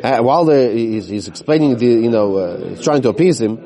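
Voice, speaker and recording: A man teaching a Talmud class to listeners in a study hall. He reads the Aramaic text slowly, then explains it in plain English, sometimes losing his place and starting again. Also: mid-range voice, animated, creaky, mellow. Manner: loses his place at times and restarts.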